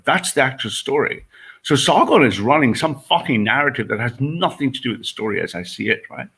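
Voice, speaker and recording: A man's voice: medium pitch, moderate pace, husky. A man co-hosting a reaction show, rambling and emphatic, often tagging his points with "right?". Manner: animated, emphatic, repeats "right?". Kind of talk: rambling commentary.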